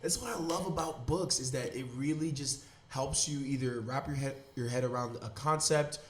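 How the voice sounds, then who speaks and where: A man's voice: mid-range voice, moderate pace, a little hiss or hum. A man hosting a podcast in casual chat, enthusiastic and rambling with slang. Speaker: podcast host.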